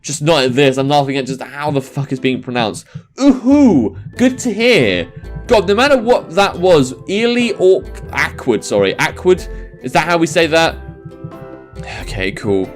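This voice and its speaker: A man's voice: fairly high pitch, big pitch swings, moderate pace, faint music behind. A young man reading a visual novel aloud and joking about its misspellings, stumbling and restarting over garbled words. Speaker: let's-play commentator.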